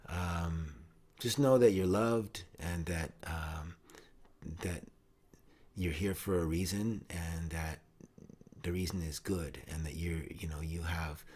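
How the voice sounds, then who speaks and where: A middle-aged man hosts a casual chat in a low-pitched, slightly rough voice at a slow pace. Warm-hearted and rambling, he uses many fillers and restarts and sometimes breaks into song.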